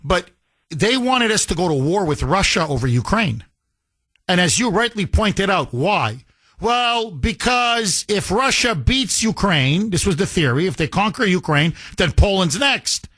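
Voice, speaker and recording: High, bright-voiced talk radio host. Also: male voice, big pitch swings, measured pace. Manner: emphatic, rhetorical questions. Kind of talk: opinionated talk radio monologue.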